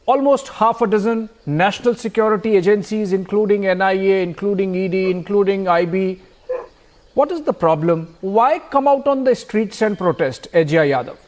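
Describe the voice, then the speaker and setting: A man's voice: high voice, darkish tone. A man moderating a live TV news debate, pressing guests with pointed questions and cutting in. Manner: pressing, interrupting, rhetorical questions.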